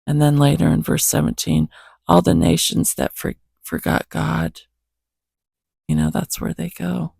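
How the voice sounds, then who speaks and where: Hoarse, gravelly man reading scripture. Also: fairly high pitch, flat delivery, a little mellow, no echo. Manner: earnest, reflective, unhurried. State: hoarse morning voice. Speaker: host reading scripture to his cat. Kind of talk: casual Bible reading, reflection and prayer.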